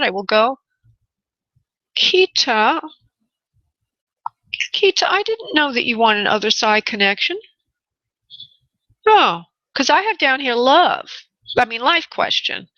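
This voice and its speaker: Bright-voiced, affectionate woman radio host. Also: medium pitch, no room sound. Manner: affectionate, calls callers honey and sweetheart; chatty, laughs readily. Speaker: radio show host and spirit medium. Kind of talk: call-in radio readings. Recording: slightly dull radio audio.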